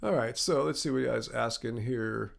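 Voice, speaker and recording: A man hosting a casual live stream Q&A, reading viewer comments aloud in a relaxed way and sneezing now and then. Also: medium pitch, moderate pace, gravelly.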